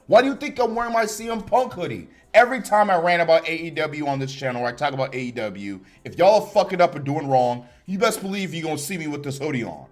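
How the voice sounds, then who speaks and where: A man's voice: on the high side, animated, quick pace, soft background music. A young man reviewing a wrestling show in a heated, profane rant, laughing and swearing.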